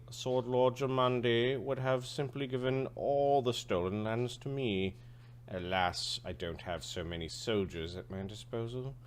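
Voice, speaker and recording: A man's voice: on the low side, slight background noise. A man voicing a haughty, arrogant male noble baron, with a pompous, drawling delivery.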